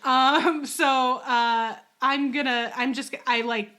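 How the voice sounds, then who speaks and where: A woman in her thirties co-hosting a casual podcast, talking in animated, exasperated rants and laughing often, with a baby in her arms. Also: high-pitched, slow pace. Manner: holding a teething baby while talking. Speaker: podcast co-host.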